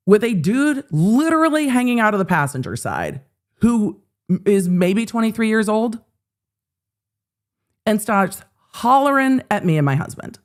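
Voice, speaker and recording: A woman in her forties hosting a show, telling a story in casual chat, animated, swearing freely and acting out the quotes. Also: mid-range voice. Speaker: host.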